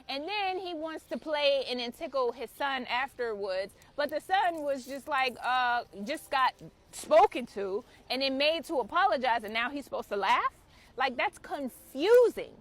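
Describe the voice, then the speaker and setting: A woman with a high-pitched voice delivers a blunt, preachy spiritual talk straight to camera. She swears freely as she lectures her viewers. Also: lively intonation, a little slow. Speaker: spiritual author and channel host.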